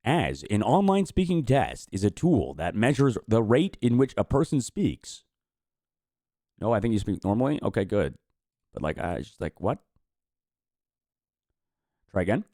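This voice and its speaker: A man with a low voice streams a watch party, talking casually and swearing freely as he reacts. His pitch jumps around a lot, and the dry close-mic sound keeps him right up front. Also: sing-song, a little slow, pauses often, dark tone, dry recording. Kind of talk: casual live-stream chat.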